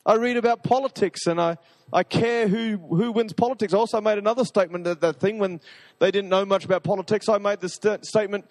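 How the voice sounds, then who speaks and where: A man preaching a sermon to a live audience, talking in an energetic, rambling, enthusiastic way. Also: high voice, fast talker, long reverb tail.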